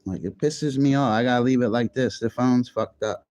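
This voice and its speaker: A man's voice: medium pitch, moderate pace, a little mellow, dull audio. A man chatting casually on a livestream, rambling and swearing freely. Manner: profane, rambling, easily frustrated. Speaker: live streamer.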